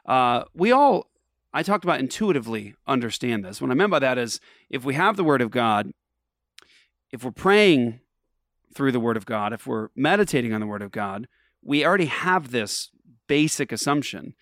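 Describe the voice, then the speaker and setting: A man's voice: mid-range voice, very animated, normal speed, a bit bright, no room sound. Earnest preacherly man on a dry mic. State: tired from travel. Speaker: radio show host. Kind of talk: casual faith talk.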